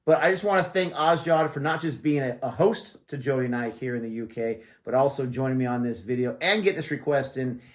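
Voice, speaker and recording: A man's voice: medium pitch, brisk, few pauses. Easygoing American man hosting a reaction chat. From United States. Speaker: reaction channel host.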